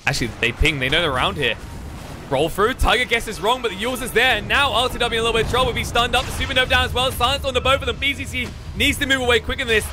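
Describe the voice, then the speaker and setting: A man casting a live video game match with rapid, excitable play-by-play. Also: very high voice, music in the background. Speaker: esports caster.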